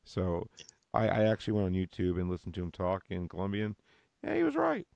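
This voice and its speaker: A man hosting a podcast, teasing and laughing in casual chat with quick interjections. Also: deep voice, wildly swooping pitch, creaky, darkish tone, dry recording.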